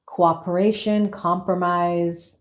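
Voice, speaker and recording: A woman with a slightly low voice hosts a live tarot reading. She talks to her viewers in a chatty, enthusiastic way and repeats phrases for emphasis. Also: level tone, slow pace, lo-fi sound. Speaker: tarot reader and live-stream host.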